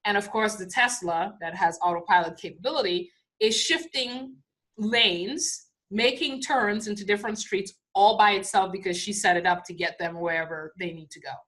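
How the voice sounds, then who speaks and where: Middle-aged woman, spiritual teacher, casual storyteller, lively and often laughing. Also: mid-range voice, normal speed. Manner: animated, laughs often, acts out voices.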